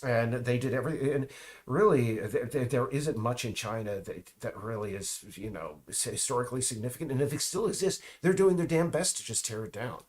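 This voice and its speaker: A man in a casual, rambling monologue. He talks haltingly, with many restarts, trailing asides and mocking remarks. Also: medium pitch.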